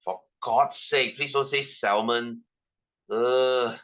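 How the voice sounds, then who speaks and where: A man's voice: medium pitch, fairly even intonation, slow, a bit bright, muffled recording. A male science tutor with a Singaporean English accent, teaching an online class, repeating himself and firing rhetorical questions with ranting asides.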